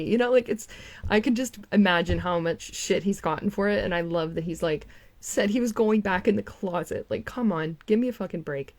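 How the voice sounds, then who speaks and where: Mocking young woman, lower voice. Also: fairly quick, darkish tone. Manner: mocking, profane, laughs often. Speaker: online commentator. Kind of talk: casual reaction commentary.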